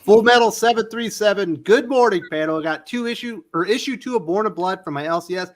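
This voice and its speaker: A man's voice: sits high, quick pace. A man hosting a casual comics panel, reading viewer comments aloud and teasing his co-hosts. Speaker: host reading chat.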